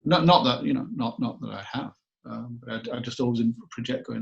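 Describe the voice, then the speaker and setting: A man's voice: mid-range voice, brisk, vocal fry. A middle-aged man from northern England, chatting in an interview, rambling and self-deprecating and repeating his words. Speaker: actor guest. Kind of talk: casual interview chat. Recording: dull lo-fi recording.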